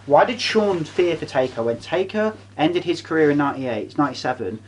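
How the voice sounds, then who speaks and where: A man's voice: a little high, animated, brisk, slight background noise, poor audio. A man in casual chat, ranting and swearing, repeating himself for effect.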